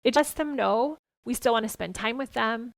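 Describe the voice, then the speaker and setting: A woman hosting a parenting podcast, talking gently and earnestly as she gives advice and tells stories from home. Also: on the high side, moderate pace, vocal fry, dry recording.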